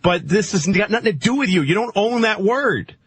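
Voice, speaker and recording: Animated profane man on talk radio. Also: high voice, fairly quick, slightly rough, dry recording. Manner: profane, animated storytelling with laughs. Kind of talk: casual radio chat.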